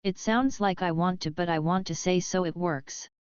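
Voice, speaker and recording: A woman streamer talks to her chat in a loose, offhand way, swearing casually. Her voice is very clean and smooth and a little low, recorded dry and close with slightly dull, lo-fi sound. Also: normal speed, dry recording. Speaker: livestreamer.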